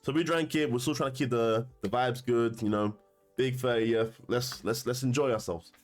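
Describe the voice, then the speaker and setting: Animated man telling a story. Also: medium pitch, normal speed, faint music behind. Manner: animated, slangy, laughs often. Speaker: commentator. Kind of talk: casual storytelling to camera.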